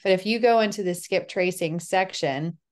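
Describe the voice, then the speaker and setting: A woman presenting a software demo in a friendly, explanatory way. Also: fairly low pitch, moderate pace. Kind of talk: screen-share tutorial.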